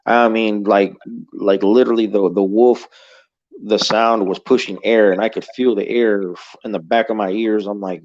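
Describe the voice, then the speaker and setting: A man's voice: on the low side, steady tone, normal speed, a little mellow, lo-fi sound. A man telling a story in a casual, rambling way, swearing freely and filling gaps with "you know.". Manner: rambling and profane, heavy on "you know" fillers. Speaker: guest telling an encounter story.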